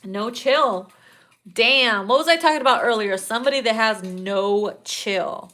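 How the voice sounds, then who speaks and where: A woman's voice: fairly high pitch, a little slow, pushed and bright. A young adult woman giving a casual tarot reading, sassy and profane, often breaking into laughter at her own jokes. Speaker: tarot reader.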